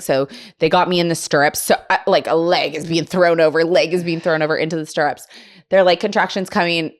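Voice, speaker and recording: A young woman hosts a podcast and tells a story in a loose, chatty way. Her voice sits a little low, and she acts out the other people's voices. She laughs often as she talks. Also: fairly even intonation, brisk. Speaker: podcast host. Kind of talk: casual storytelling chat.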